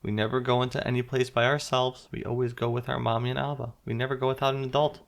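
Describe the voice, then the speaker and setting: A calm, caring mother patiently explaining safety rules to her small child in a storybook tale, voiced by a man in his own gravelly tone. She speaks gently and plainly, at a middle pitch. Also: quick pace, natural voice. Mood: instructive.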